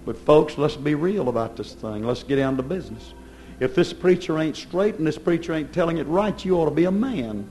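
A man preaching a sermon, swinging from loud declaiming to low, intense pleading. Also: expressive, fairly quick, faint music behind.

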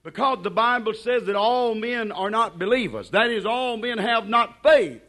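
A man preaching a sermon, fervent and drawn out, swinging between loud declarations and hushed asides. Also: sits high, animated, moderate pace.

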